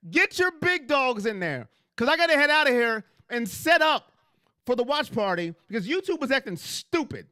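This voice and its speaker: A man's voice: very high voice, very animated, normal speed, pushed and bright, no echo, clean studio sound. A man hosting a casual fan livestream on a headset mic, talking emphatically and repeating himself as he speaks straight to his chat.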